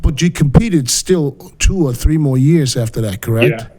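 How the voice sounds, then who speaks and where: Mellow-voiced man hosting a podcast. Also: mid-range voice, animated, normal speed. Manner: short prompting questions and murmured acknowledgements. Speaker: podcast host. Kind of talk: interviewing.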